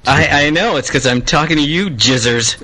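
A man's voice: on the high side, moderate pace, bright, forceful tone, a little hiss or hum, poor audio. A man calling in to a casual podcast over Skype, with crude, giggly banter. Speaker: caller.

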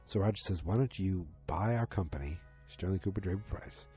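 Low, dark-voiced man recapping a show. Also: brisk, soft background music. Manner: rambling, excitable, acts out quoted lines. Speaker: TV episode recapper. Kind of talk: casual episode recap.

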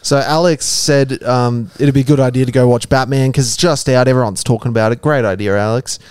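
A man's voice: mid-range voice, steady tone, a little fast, darkish tone, smooth, no room sound, clean studio sound. A young Australian man co-hosting a podcast, joking and teasing in casual chat. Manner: teasing, jokey, playful. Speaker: podcast co-host.

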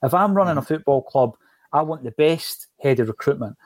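A man's voice: mid-range voice, lively intonation, brisk, no echo. A man hosting a casual football podcast, talking in an emphatic, rhetorical way. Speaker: podcast host.

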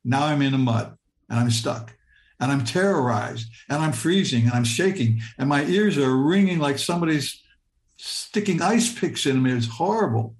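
An older man from Michigan telling a personal story, halting and repeating words as he relives it in vivid present tense. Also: mid-range voice, lively intonation, roomy sound. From Michigan, United States.

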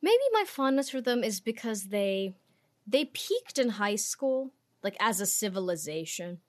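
A woman's voice: mid-range voice, very animated, measured pace. A young woman co-hosting a podcast in casual chat, sarcastic and opinionated, slipping into mock accents for jokes. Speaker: podcast co-host.

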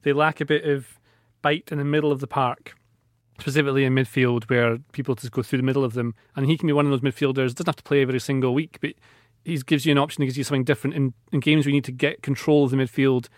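Fast-talking man, football banter. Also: medium pitch, no echo, studio quality. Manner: quick, animated, quizzical. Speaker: podcast panelist. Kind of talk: casual football analysis chat.

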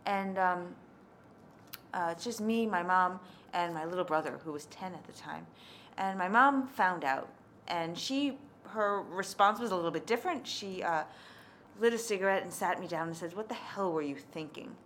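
A woman's voice: on the low side, moderate pace, a little hiss or hum. A woman telling a personal story in a conversational, candid way. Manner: conversational, candid, lively in quoted speech.

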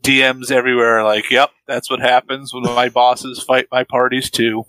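A man with a bright, forward voice trades sarcastic, swear-laden jokes about a movie on a podcast. He sits close to a dry mic with no room sound. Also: mid-range voice, little pitch movement, normal speed, smooth, dry recording, rough recording. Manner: sarcastic, profane wisecracks. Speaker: podcast co-host. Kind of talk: casual film review chat.

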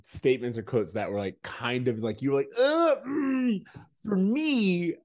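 A man chatting casually on a podcast, recapping an episode. His pitch swings widely as he acts out quoted lines in little voices. The delivery stays loose and conversational throughout. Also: very animated, moderate pace, darkish tone. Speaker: podcast co-host.

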